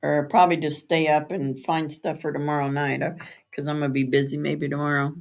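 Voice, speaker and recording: A woman's voice: deep voice, little pitch movement, fairly quick, gravelly. Lady chatting on her friday night stream, laughs a lot, reads out viewer comments and spells words out. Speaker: livestream host. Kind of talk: casual live chat with viewers. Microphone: streaming setup.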